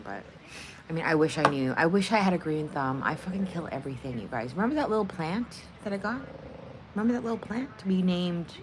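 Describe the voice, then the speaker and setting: A woman's voice: deep voice, noisy background. A woman hosting a casual livestream, rambling and cursing freely with frequent laughter. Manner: profane, rambling, laughs a lot. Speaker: livestream host.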